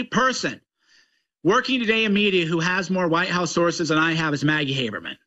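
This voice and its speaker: A man's voice: high voice, pushed and bright, highs cut off. A man giving ranting political commentary in a mocking, combative way.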